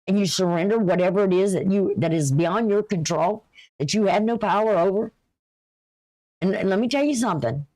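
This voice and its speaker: A woman's voice: medium pitch, fairly quick, warm tone. A woman giving a casual, folksy astrology reading, chatty and advice-giving, with a runny nose. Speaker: astrology and tarot reader.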